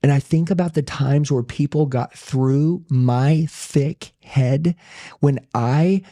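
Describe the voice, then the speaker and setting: Gravelly, intense male business owner. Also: a little high, slow pace, dark tone. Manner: intense, emphatic, says "dude" a lot. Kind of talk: casual podcast conversation.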